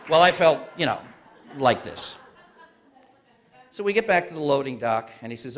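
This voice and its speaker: Animated wry male storyteller. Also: mid-range voice, moderate pace, pauses often. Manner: wry, animated, self-deprecating. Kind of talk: live personal storytelling. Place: museum stage.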